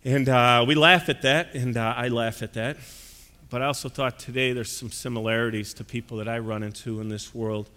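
A male pastor preaching in a folksy, chatty manner, dotted with "uh" fillers. His voice is bright and crisp, and it rings with long reverb through the church. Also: mid-range voice, fairly even intonation, a little fast. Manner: conversational and folksy, with frequent "uh" fillers. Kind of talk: sermon.

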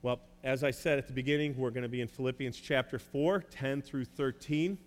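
A man preaching a sermon as a pastor, earnest and pausing often with "uh" as he urges listeners to repent. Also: medium pitch, steady tone. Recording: echoey hall with faint hum.

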